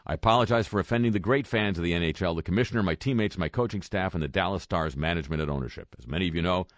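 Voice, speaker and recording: A man's voice: deep voice, racing, hardly any pauses, no room sound. A man reading a news roundup with dry, sarcastic asides between quoted statements. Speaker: radio news commentator. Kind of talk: wry spoken news roundup.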